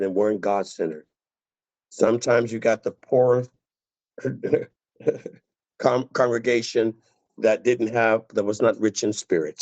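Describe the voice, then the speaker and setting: A man preaching a sermon as a pastor in a conversational, animated way. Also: fairly low pitch. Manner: conversational, animated, laughing asides. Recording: dull lo-fi dry recording.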